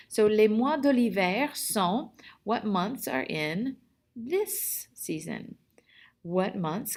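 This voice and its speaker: Woman French teacher, slightly gravelly, chatty recorded class lesson with repeat-after-me drills. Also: mid-range voice. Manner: chatty, repeats words for students to echo.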